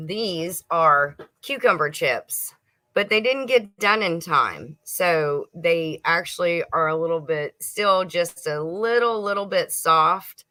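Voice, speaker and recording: Her pace is slow and her intonation lively as this middle-aged woman chats with viewers on a homestead livestream from her kitchen. The voice is lowish yet bright and forward, and she laughs and snacks while she talks.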